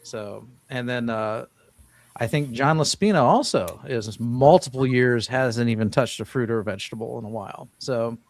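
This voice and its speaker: A man's voice: medium pitch, moderate pace, no echo. A man hosting a casual live-stream chat, rambling a little, restarting phrases and reading viewers' questions aloud. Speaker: host.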